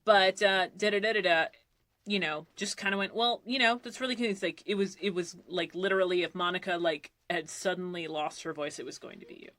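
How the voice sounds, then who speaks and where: Woman voice actor, bright clear voice, chatty story, dry booth sound. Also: on the low side, a little fast, dry recording. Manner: chatty storytelling, acts out quoted lines, swears freely. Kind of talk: casual podcast chat. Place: recording booth. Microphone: studio mic.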